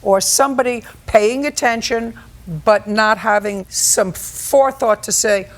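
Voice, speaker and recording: A woman's voice: on the high side, a little slow. A woman in her seventies presiding as a television court judge, questioning bluntly with a sarcastic, scolding edge. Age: 70s. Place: TV courtroom set.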